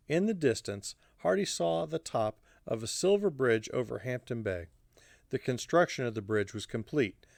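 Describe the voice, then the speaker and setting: A man's voice: mid-range voice, no room sound. Man narrating an audiobook, dry close sound. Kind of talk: scripted narration.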